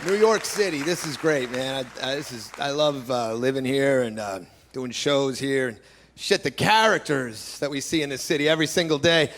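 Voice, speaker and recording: A man's voice: a little high, a bit bright. A man doing a stand-up routine in a comedy club, ranting in a brash, profane, incredulous way. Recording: live club set with crowd laughter and noise. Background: crowd laughing.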